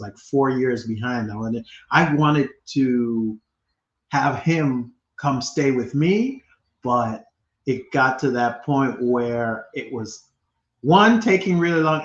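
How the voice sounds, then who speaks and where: A podcast co-host with a mid-range voice chats casually, telling stories animatedly and laughing often. The room is echoey and the sound is dull and lo-fi.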